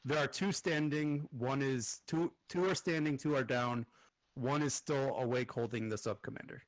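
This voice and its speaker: A man acting as game master, narrating the scene and explaining rolls in a relaxed way with fillers. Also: mid-range voice, normal speed, no echo, poor audio. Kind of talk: narrating and running a tabletop game.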